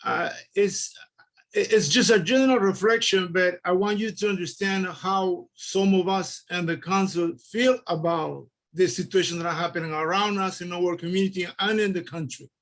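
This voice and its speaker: A man on a community council giving earnest, halting reflective remarks at a public meeting, often repeating words. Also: sits high, fairly even intonation, a bit bright. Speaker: council member.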